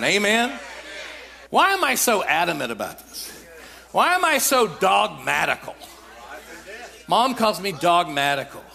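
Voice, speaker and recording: A man preaching with a drawl, calling out lines for the congregation to repeat. His voice sits high and bright, rising into emphatic shouts. His pitch swings widely from phrase to phrase. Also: vocal fry. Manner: emphatic, often shouting declarations; repetitive call-and-response exhortation. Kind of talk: sermon.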